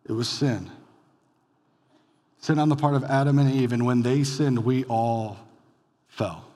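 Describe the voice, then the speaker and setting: A male pastor preaching a conversational sermon, rising to loud emphatic bursts and dropping to quiet lines. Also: mid-range voice, unhurried, in a large hall. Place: church sanctuary.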